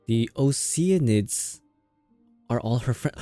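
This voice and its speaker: A man's voice: mid-range voice, measured pace, warm tone, no room sound, soft background music. A man live-streaming a video game, chatting casually and playfully, laughing often and reacting to the story and his chat.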